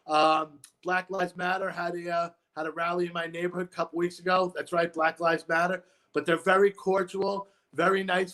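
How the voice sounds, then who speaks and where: A male comedian with a higher-than-usual voice spins rambling stories, building to punchlines in a stand-up manner. His delivery is loose and conversational. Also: fairly bright tone. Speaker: comedian guest. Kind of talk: stand-up style chat.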